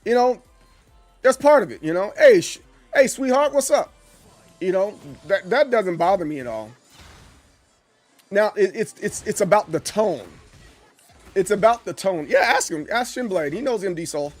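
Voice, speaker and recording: Streamer, forties, drawl, higher-pitched, excitable and full of restarts. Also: male voice, normal speed, soft background music. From Southern US. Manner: animated, stumbling restarts, acts out quoted voices. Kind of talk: casual live-stream chat with chat.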